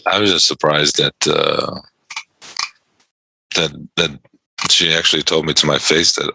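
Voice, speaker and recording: A man's voice: rumbling low, normal speed, gravelly, sharp tone, breathy edge, dry recording, low-quality recording. A man hosting a day trading show, chatting casually and telling rambling, amused stories with chuckles. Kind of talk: casual chat during a live trading session.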